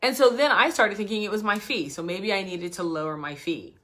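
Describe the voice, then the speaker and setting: A woman's voice: medium pitch, fairly quick. A woman business coach telling a story straight to camera, acting out both sides of the conversations as she goes. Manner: animated storytelling, acts out dialogue. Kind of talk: direct-to-camera business talk.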